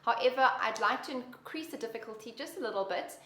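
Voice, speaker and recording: A woman's voice: a little high, fast. A woman teaching a beginner guitar lesson with patient, encouraging instruction. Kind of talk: guitar lesson with counting and singing. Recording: roomy echo, loud guitar behind.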